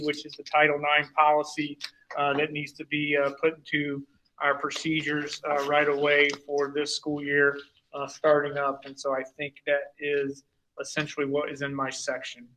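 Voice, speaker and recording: A man's voice: a little high, sharp tone, a little hiss or hum, low-quality recording. A man giving a conversational, rambling report as superintendent at a school board meeting. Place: meeting room.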